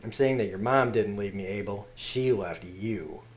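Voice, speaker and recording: A man's voice: fairly low pitch, a little slow, close to an everyday voice. A man reading as a bitter, taunting father. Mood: cruel. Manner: taunting, contemptuous. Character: bitter, cruel adult father berating his son. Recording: roomy echo.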